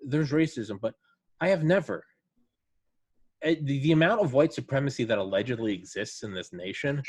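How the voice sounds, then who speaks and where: A man's voice: mid-range voice, animated, normal speed, breathy edge. A man in casual podcast chat, telling profane stories and quoting friends' voices. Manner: profane, storytelling with quoted voices.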